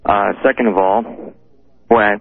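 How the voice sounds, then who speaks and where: Nervous, hesitant male radio caller, low voice, phone-line sound. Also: fairly even intonation, gravelly, dry recording. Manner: hesitant, halting. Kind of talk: call-in radio.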